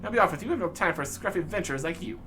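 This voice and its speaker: A man's voice: high-pitched, big pitch swings, rapid-fire, sharp tone, faint music behind, heavily acted. A man voicing a haughty, rude young princess with a snooty, dismissive manner.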